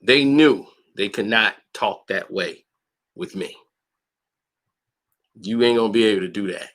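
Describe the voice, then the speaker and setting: A man's voice: lowish voice, a little slow. A man hosting a boxing channel, telling a story in a blunt, slangy, combative way and acting out other people's lines in a raised voice. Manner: animated, acts out quotes in a raised voice. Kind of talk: casual storytelling monologue.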